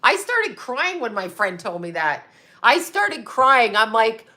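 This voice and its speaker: Bright-voiced rambling woman livestream host. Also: medium pitch, very animated, unhurried. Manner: rambling, swears, reads viewer comments aloud. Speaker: psychic channel host. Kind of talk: casual livestream chat.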